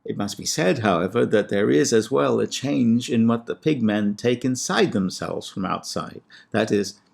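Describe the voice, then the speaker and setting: A man, a classics scholar, giving a measured and precise lecture on ancient poetry with a lightly wry touch. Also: on the low side, expressive, vocal fry, a little mellow. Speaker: classics scholar and podcast host. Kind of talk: scripted lecture with recited Greek verse.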